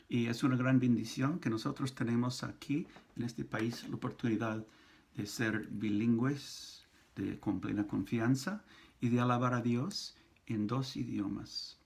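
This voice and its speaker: A priest giving a casual pronunciation lesson, speaking slowly and patiently, repeating and sounding out syllables. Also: male voice, mid-range voice, gravelly, darkish tone, husky. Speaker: priest teaching Spanish pronunciation.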